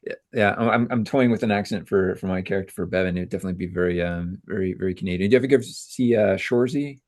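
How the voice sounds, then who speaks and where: A man's voice: deep voice, fast, darkish tone, dry recording, studio quality. A man playing a tabletop game, rambling as he brainstorms ideas aloud. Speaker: player. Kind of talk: session-zero planning chat.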